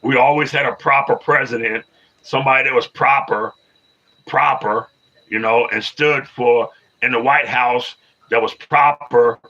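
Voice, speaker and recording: 50s guy on a live stream, bright sharp voice, keeps repeating himself, muffled lo-fi audio. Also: medium pitch, steady tone, a little slow. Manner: repetitive, restarts phrases, argues back at commenters. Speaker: livestreamer. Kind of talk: casual live-stream chat with viewers.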